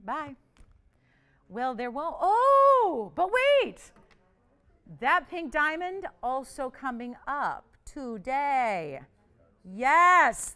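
Bubbly lady running a live jewelry auction on tv, high bright voice, jumps all over the place. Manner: bubbly, chatty, teasing with crew. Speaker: jewelry shopping host. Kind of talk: live TV shopping auction patter.

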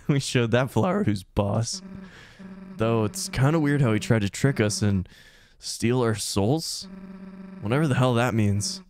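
A man voicing a gruff, brash teenage monster girl in a game, blunt and swearing. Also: medium pitch, expressive, a little slow, a little mellow, pitched below the performer's own voice, lightly acted.

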